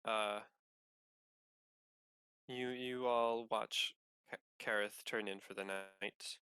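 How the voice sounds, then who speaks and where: A man narrating as game master of a tabletop game at an unhurried pace, pausing often on fillers. His voice is bright and sits close and dry on the mic. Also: lowish voice, steady tone, clean tone, no room sound. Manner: unhurried, hesitant with many fillers.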